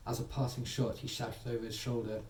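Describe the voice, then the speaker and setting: Man softly telling a bedtime story. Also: mid-range voice, little pitch movement, a little fast. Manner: soothing, gently voicing characters. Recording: echoey room, distant mic, faint ambience.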